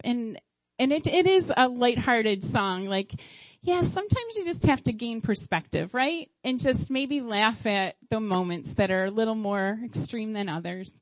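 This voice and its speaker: A woman's voice: on the high side, lively intonation, a little slow, dry recording, poor audio. A middle-aged woman, a mother, telling family stories in a casual faith-based talk, acting out her own past lines with animation. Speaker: mother sharing parenting stories.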